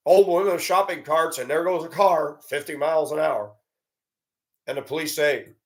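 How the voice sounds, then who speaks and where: A man's voice: on the high side, a little fast. Blunt, ranting man with a raised voice. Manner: blunt, profane, indignant storytelling. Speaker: commentator. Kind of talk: ranting monologue.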